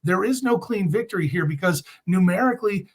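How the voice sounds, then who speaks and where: A man's voice: high voice, animated, fairly quick, breathy edge. A man giving blunt, emphatic commentary as a guest in an interview. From United States.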